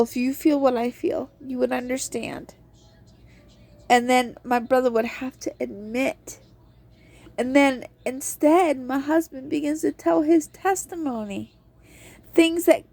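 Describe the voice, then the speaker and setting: High-voiced woman giving an unhurried devotional talk. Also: creaky. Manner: expressive, acts out quotes in an earnest storytelling tone. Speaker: podcast host teaching on a Bible book.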